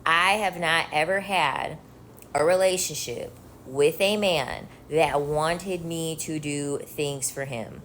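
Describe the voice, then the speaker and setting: A woman's voice: low voice, slow pace, a bit bright, a little hiss or hum. A woman giving her dating opinions in a confident, matter-of-fact, lecturing way.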